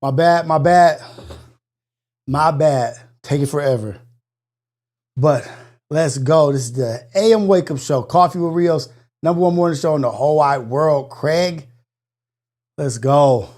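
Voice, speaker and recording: A slightly high-voiced man hosts a morning show, out of breath as he chats casually with his viewers. He talks with lively exclamations and slips into preachy motivational encouragement. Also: measured pace. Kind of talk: casual live call-in chat.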